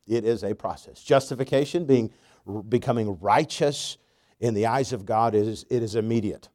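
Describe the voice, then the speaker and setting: Man, pastor, sermon, emphatic, mid-pitched voice. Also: darkish tone. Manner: slow emphatic preaching with storytelling asides.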